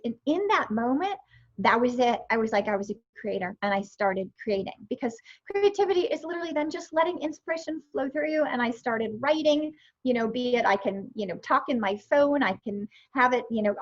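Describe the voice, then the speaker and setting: A woman in her fifties telling her story as a guest in a casual interview, animated and acting out her own past remarks. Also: a little high. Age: 50s. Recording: dull lo-fi sound.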